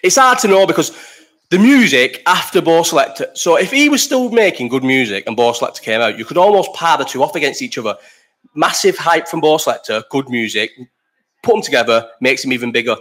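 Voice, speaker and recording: A man's voice: on the high side, animated, brisk, fairly bright tone. Young Bolton-accented male host, casual live chat, blunt and sweary. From Bolton, England. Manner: blunt, sweary and opinionated, jumping between topics.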